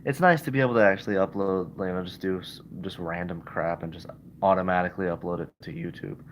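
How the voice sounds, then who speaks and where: A man's voice: low voice, fast talker, slight background noise, rough recording. A young man rambling casually with lots of fillers, livestreaming from his bed. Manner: meandering, many fillers. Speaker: vlogger. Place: in bed at home.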